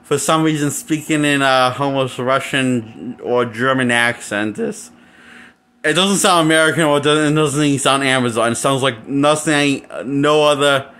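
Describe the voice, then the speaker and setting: A man rants through a film review with crude insults and a mocking tone. His pitch sits at a middle level, and he laughs at his own jokes. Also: moderate pace, sharp tone. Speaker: movie reviewer. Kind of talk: casual ranting review.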